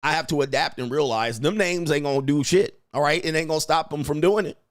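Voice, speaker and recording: A man's voice: on the high side, quick pace, dry recording, studio quality. A man hosting a livestream, riffing in slangy talk, laughing often and mimicking people. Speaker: host and commentator. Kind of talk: livestream commentary.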